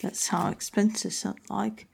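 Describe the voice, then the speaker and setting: A woman's voice: mid-range voice, little pitch movement, slow pace, creaky, heavy background noise. A woman hosting a casual solo talk, rambling and often correcting herself.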